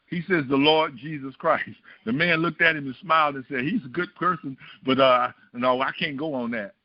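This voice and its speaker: A man's voice: medium pitch, brisk, no echo, muffled recording. A middle-aged man preaching a storytelling sermon, often putting questions to the congregation. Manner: asks the congregation rhetorical questions.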